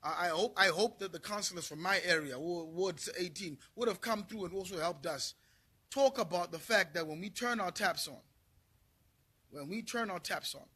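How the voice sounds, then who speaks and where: Middle-aged zimbabwean guy ranting on his vlog, swearing a lot, high bright voice. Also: slightly rough. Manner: profane, repetitive, heated. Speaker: vlogger. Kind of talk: angry rant to camera.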